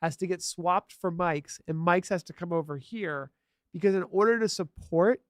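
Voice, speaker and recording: A man's voice: sits high, moderate pace, dry recording, clean studio sound. A man co-hosting a live streaming tech podcast, explaining hardware in casual, enthusiastic chat. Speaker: podcast co-host.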